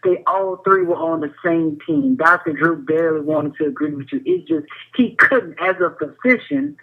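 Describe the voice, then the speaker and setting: A man's voice: a little high, expressive, normal speed. A man calling into a talk show, making an earnest point and repeating himself. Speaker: caller. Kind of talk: phone-in comment. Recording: tinny phone line.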